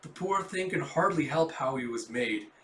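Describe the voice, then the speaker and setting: A man voicing a composed young female commander who talks in a calm, dry, understated way. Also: on the high side, normal speed, close to an everyday voice. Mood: cool. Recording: roomy echo.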